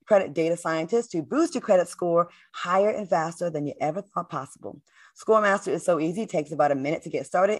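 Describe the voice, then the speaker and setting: A woman hosting a talk show, blunt and fiery in heated panel talk, also reading an ad herself. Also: lowish voice.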